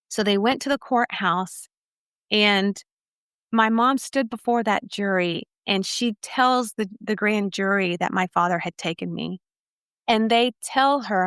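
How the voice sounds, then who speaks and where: A woman's voice: fairly high pitch, a little slow, fairly bright tone, clear, resonant tone, no echo, studio quality. A woman from Texas, a podcast guest telling her life story in an earnest, emphatic way. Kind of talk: personal testimony storytelling.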